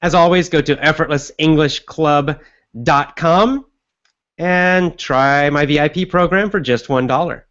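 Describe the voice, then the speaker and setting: Male podcast teacher, slightly high pitch, easygoing and repetitive, recorded on dull muffled audio. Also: measured pace. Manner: relaxed, repetitive coaching tone. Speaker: English teacher and podcast host. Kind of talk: conversational lesson monologue.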